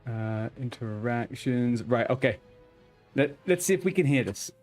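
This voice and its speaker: A man's voice: medium pitch, lively intonation, measured pace, darkish tone, faint music behind. A man streaming a game, chatting casually to viewers, swearing often and restarting his sentences. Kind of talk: casual live-stream chat.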